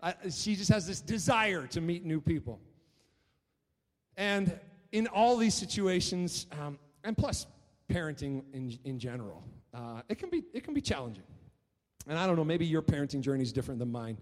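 A man preaching a sermon as pastor, telling stories in an animated way and often repeating his words. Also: fairly high pitch, normal speed. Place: church hall. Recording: long reverb of a church hall.

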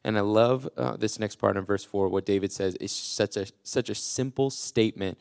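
A man preaching a short devotional podcast sermon as a youth pastor, earnest and encouraging, often slowing right down to stress a line. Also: fairly low pitch, gravelly, darkish tone, smooth. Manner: earnest and encouraging, slows down for emphasis; many filler "uh"s and restarts.

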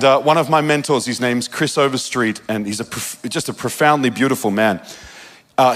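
A man from Australia with an Australian accent, preaching a sermon and telling a personal story with quick asides and laughter at himself. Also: medium pitch, fairly bright tone.

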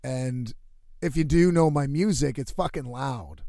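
A man's voice: mid-range voice, a little slow, dry recording, studio quality. A man, a musician living in a van, telling a story in a rambling, heavily cursing, casual way. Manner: profane, rambling, animated storytelling. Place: inside a van.

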